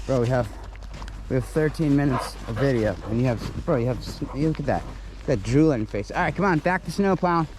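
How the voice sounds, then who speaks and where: A man's voice: medium pitch, expressive, brisk. Man vlogging, playful, slangy, outdoors in snow, handheld camera, noisy background. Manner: playful, slangy, talks to his dog. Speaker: dog breeder and vlogger. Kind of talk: casual vlog chat.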